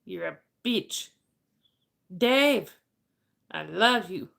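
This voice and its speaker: A woman voicing a blunt, affectionate man with an Irish accent in a playful, mock-gruff impression. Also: medium pitch, animated, extremely slow, fairly bright tone, full character voice. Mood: teasing.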